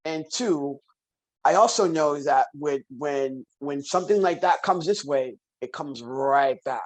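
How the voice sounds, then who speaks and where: A man guesting on a podcast, chatting casually as an animated storyteller who repeats phrases for emphasis. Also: a little high, unhurried, low-quality recording. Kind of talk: casual conversation.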